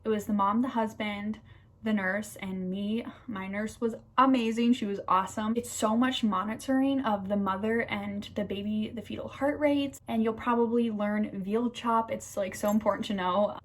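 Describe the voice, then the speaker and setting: A woman's voice: medium pitch, steady tone, normal speed. A young woman in her twenties, a nursing student, telling a personal story in a casual vlog, gushing and enthusiastic with lots of fillers. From United States.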